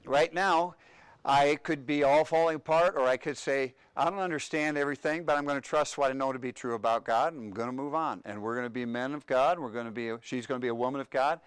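Emphatic preaching man, smooth voice. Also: medium pitch, fast talker, no room sound. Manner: emphatic preaching, call-and-response questions; dynamic, swings between loud declarations and hushed lines. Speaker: pastor. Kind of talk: sermon.

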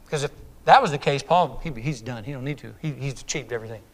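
Delivering a sermon with emphasis and a quick pace, this preacher repeats words and phrases in a mid-range voice. His delivery shifts between loud outbursts and near-whispers.

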